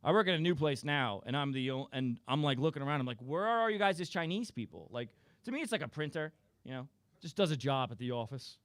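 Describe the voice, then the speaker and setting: A man's voice: mid-range voice, lively intonation, fast talker, dry recording. A young man doing a rambling, crude, self-deprecating stand-up roast set. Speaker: stand-up comedian.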